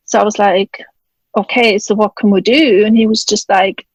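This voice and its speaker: A woman's voice: medium pitch, steady tone, normal speed, dry recording, low-quality recording. A woman from Germany, a guest on an interview podcast, telling a personal story in casual conversation and acting out the dialogue. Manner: storytelling, acts out quoted dialogue. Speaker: guest, author and widowed mother. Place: home, in Scotland.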